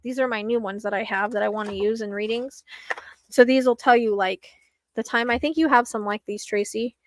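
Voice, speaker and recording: A woman's voice: on the high side, fairly even intonation, brisk, a little hiss or hum. A young woman hosting a late-night psychic live stream from home, rambling with lots of fillers and sounding a little anxious.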